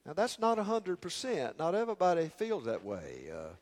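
A man's voice: fairly high pitch, wildly swooping pitch, normal speed, a little mellow. An older man preaching a sermon in a folksy, rambling way, with many restarts and jokes. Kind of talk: sermon with humorous stories. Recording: long hall reverb.

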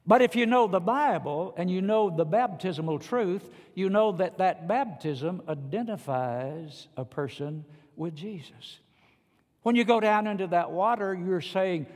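Emphatic preacher in an echoing church. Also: male voice, fairly high pitch, measured pace, a little mellow. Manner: emphatic, folksy, direct address to congregation. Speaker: pastor. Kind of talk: sermon.

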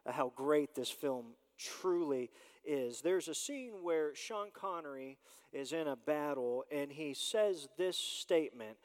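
Pastor, male, lively preaching delivery, slightly high voice, church hall reverb. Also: slow pace. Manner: animated preaching, rising and falling in volume. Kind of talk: sermon. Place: church sanctuary.

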